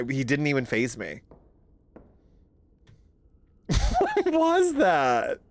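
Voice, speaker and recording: A male streamer talking casually over a spooky game, his pitch bouncing all over as he reacts. He laughs a lot, drops the odd swear and keeps greeting his chat. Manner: animated, laughs often, swears, thanks chat. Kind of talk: casual live gameplay commentary.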